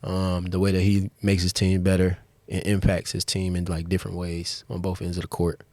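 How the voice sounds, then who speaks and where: A man guest on a sports podcast, chatting casually in a laid-back way, often pausing with fillers as he thinks. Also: deep voice, completely flat delivery, warm tone, dry recording. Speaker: basketball player guest.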